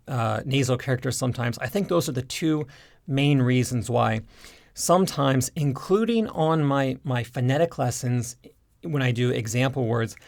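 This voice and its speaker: A man's voice: mid-range voice, vocal fry. A man who teaches a language online, explaining things casually to camera with many fillers and restarts, and a stuffed-up nose from hay fever. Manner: relaxed, rambling, frequent fillers and restarts.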